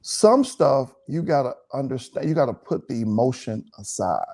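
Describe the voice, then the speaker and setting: Man, preachy, emphatic, animated pitch, warm dark tone. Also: normal speed, gravelly. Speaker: pastor and co-host. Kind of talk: relaxed teaching chat.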